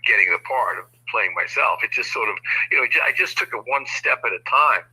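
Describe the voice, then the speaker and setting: An older man recounting a story as a guest, in a very bright, ringing voice with a husky edge. He stops and restarts often and fills gaps with "you know". His pitch sits in the ordinary range for a man. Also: animated, quick pace, low-quality recording. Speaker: guest, former prosecutor. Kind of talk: telling a story in conversation.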